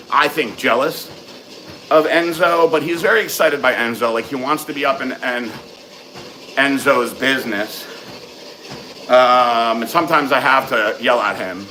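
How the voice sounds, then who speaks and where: A man answers viewer questions in a casual, frank way, dropping fillers as he goes. His voice has a bright, forceful edge at a middling pitch. A faint hiss of noise sits behind him. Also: a little slow, rough recording. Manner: frank, matter-of-fact advice with many fillers. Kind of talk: casual live Q and A.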